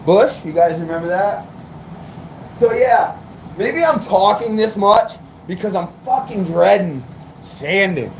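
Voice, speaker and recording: A man's voice: sits high, lively intonation, measured pace, slight background noise, low-quality recording. A man from New England chatting casually on a livestream, rambling and swearing, fired up. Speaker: car audio livestreamer.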